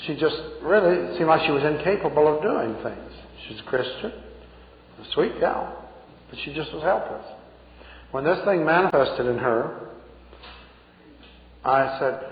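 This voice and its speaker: A folksy preacher telling a story with chuckles, his voice a bit higher than most men's. The recording is thin and phone-like, with a long, roomy hall echo. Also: animated, normal speed, a little hiss or hum.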